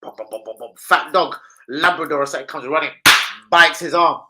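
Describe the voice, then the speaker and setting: During casual live football stream chat, this London-accented host from London tells rowdy stories full of swearing, loud and ready to shout. His voice is fairly high and fairly quick, with heavy background noise.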